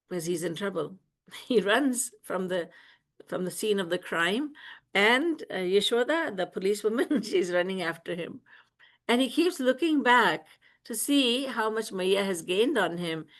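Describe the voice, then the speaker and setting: A woman's voice: mid-range voice, unhurried. Woman telling a devotional story. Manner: lively, laughs often while telling stories. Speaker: spiritual teacher. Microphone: video call.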